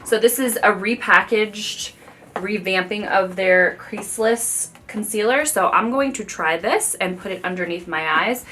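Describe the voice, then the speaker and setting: A woman's voice: mid-range voice, a little slow, bright, forceful tone, a little hiss or hum. A woman in her thirties chatting to viewers while doing her makeup at home, gushing and confiding. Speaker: beauty vlogger. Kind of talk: chatty get-ready-with-me talk.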